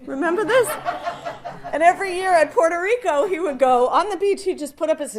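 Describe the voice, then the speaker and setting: A woman's voice: very high voice, lively intonation, a little fast, heavy background noise. A middle-aged woman, a daughter, giving a eulogy at a funeral service, speaking fondly and often laughing between memories.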